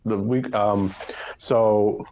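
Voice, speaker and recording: Deep-voiced deadpan man streaming. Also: dull audio, a little hiss or hum. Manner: halting, deadpan, many fillers. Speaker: streamer host. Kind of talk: mock-mournful stream chat.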